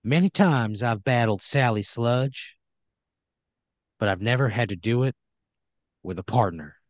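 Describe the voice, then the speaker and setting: A man's voice: mid-range voice, animated, measured pace, dry recording, muffled recording, lightly acted. A man voicing a brash, macho mechanic hero with a bold, showy manner. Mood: heroic.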